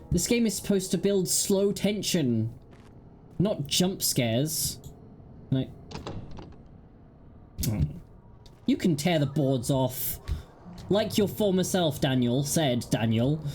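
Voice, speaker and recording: Low-voiced woman giggling through game commentary. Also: big pitch swings, slow pace, long pauses, darkish tone, soft background music. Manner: chatty, giggly, wry asides to herself. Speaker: gaming video host. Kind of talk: casual let's-play commentary.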